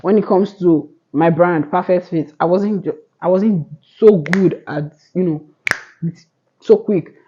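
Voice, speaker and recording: In a casual motivational talk to camera, a twenty-something woman vlogger gives earnest advice, rambling with frequent restarts. She speaks a little slowly in a lowish voice, on a muffled recording with background noise.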